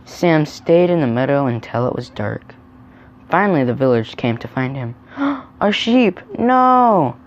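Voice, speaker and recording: A man reading a children's picture book aloud, adding gentle chatty comments about the pictures. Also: mid-range voice, moderate pace, highs cut off, a little hiss or hum. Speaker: storyteller.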